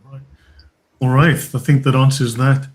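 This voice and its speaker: A man's voice: mid-range voice, little pitch movement, measured pace. A man hosting a live stream panel discussion, steering the talk and reading out donations. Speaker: host.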